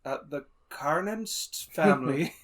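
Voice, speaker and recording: A man taking part in a tabletop game, speaking haltingly with many fillers. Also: fairly high pitch, animated, fairly bright tone. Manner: halting, filler-heavy speech. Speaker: player. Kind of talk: casual tabletop play, in character.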